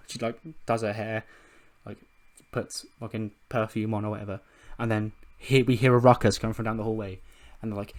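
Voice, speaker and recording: A man's voice: lowish voice, flat delivery, brisk. A man casually narrating and commenting on his game run, swearing freely and laughing along. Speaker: gaming video host.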